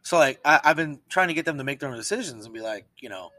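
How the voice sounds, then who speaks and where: A man's voice: mid-range voice, fast talker, few pauses, no room sound. A man co-hosting a podcast, chatting casually and telling work stories. He swears a lot and acts out the other people in them. His voice is close and dry. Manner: swearing, animated storytelling with quoted voices. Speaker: podcast co-host. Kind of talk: casual chat.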